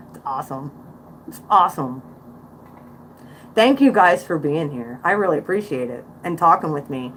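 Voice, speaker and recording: A woman's voice: deep voice, very animated, moderate pace, pauses often, fairly bright tone, slight background noise. A woman in her forties with a Central Pennsylvania accent, talking bluntly and outspokenly as she reacts to music on a casual livestream. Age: 40s. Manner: blunt, outspoken, preachy asides. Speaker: livestream host.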